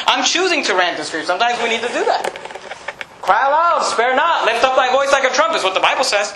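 A man preaching a sermon as pastor, emphatic and animated, acting out the voices of people he quotes. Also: extremely high pitch, fast, echoey room, slight background noise, rough recording.

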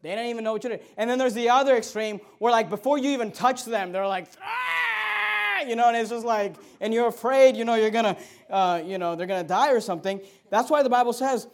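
A man in his thirties preaching a sermon as pastor, swinging between loud outbursts and quiet asides and repeating scripture references to the congregation. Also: very high voice, fast.

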